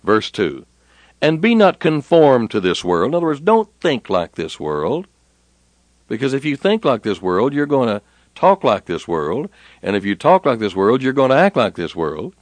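A man preaching a sermon at a middle pitch, his voice swinging widely up and down. He lifts his voice and slows down as he quotes scripture. The sound is dry and close, with no room echo. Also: big pitch swings. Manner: rises in pitch and slows down when quoting scripture.

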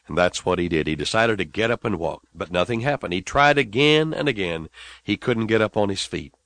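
A man preaching on a radio broadcast, telling a story dramatically and swinging between hushed and loud passages. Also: on the low side, animated, a little fast, no room sound.

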